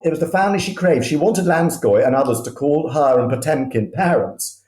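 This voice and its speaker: A man's voice: a little high, brisk, darkish tone, reverberant. A man speaking as a guest historian, telling history as vivid anecdotes and often restarting his sentences mid-thought. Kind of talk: conversational history storytelling.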